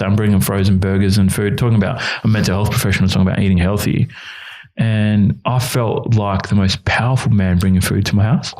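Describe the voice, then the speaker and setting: A youth worker in his 30s, appearing as an interview guest, tells a candid, emotional personal story. His voice is on the low side, steady and a little mellow, and he talks at a quick pace. He's earnest and quotes others as he recounts events.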